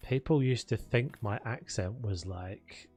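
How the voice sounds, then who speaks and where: A man's voice: lowish voice, a little slow, mellow, slightly rough. A young man with a South London accent chatting casually on a live game stream, laughing often and trailing off mid-thought. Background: faint background music.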